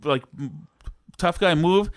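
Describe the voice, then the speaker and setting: A man from Massachusetts co-hosting a podcast, telling a long anecdote in a rambling, animated way. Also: fairly high pitch, takes it slowly, no echo, studio quality. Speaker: podcast co-host. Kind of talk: casual chat, storytelling.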